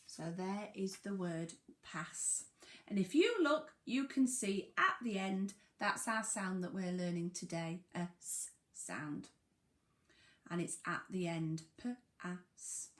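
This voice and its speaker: A woman teaching a phonics lesson to young children, sounding out words slowly and emphatically. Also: lowish voice, expressive. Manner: slow, sing-song, emphatic sounding out of words. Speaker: primary school teacher. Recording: echoey room.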